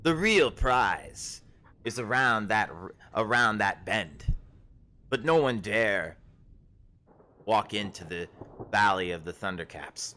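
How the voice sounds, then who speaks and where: A man's voice: fairly low pitch, lively intonation, full character voice. A man voicing a tall, confident woman who brews potions, in a tabletop game. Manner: brisk, hearty, louder than his narration. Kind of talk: tabletop game role-play.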